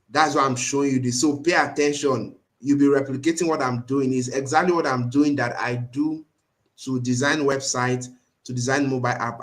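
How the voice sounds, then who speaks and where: A man teaching a design tool in a live screen-share tutorial, earnestly checking in with his students again and again. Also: medium pitch. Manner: earnest, keeps checking in with "right?" and "you understand?". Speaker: design instructor.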